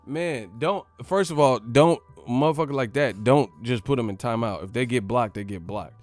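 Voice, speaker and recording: A man's voice: medium pitch, soft background music. A man hosting a boxing channel, ranting profanely in a casual live stream. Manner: profane, animated, fast-talking.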